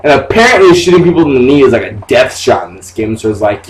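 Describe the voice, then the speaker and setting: A man's voice: medium pitch, big pitch swings, fast talker. A young man casually commenting on a video game he is playing, rambling and joking with lots of swearing. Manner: profane, rambling, jokey. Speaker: let's play gamer. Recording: distant mic with clear background noise.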